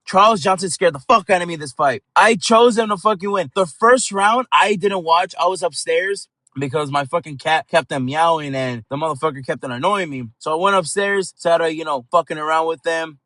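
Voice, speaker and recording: A man with a fairly high voice gives a heated, foul-mouthed fight recap as host of his channel. He swears constantly and rambles from one thought to the next. The sound is dry and close, with no room around it. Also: moderate pace, pushed and bright, no echo.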